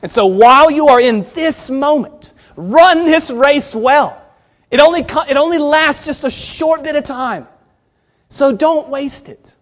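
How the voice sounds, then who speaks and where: High-voiced preacher addressing students. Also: male voice, unhurried. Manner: conversational, earnest, swings between emphatic and hushed. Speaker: preacher at a Bible college chapel. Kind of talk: sermon.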